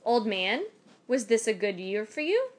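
A woman's voice: on the high side, big pitch swings, measured pace. A woman doing a fretful old wife. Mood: alarmed. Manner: fussing, fretful. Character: old wife, fussing and worried.

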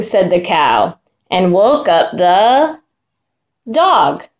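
A woman reading a children's picture book aloud in a sing-song, drawn-out way, imitating animal sounds. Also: mid-range voice, sing-song. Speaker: storyteller.

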